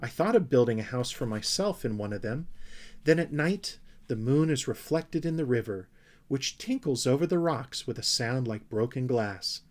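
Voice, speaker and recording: A man's voice: mid-range voice, lively intonation, normal speed, close to an everyday voice. A man reading as dreamy young Moomintroll. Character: young boy troll, dreamy and proud of home.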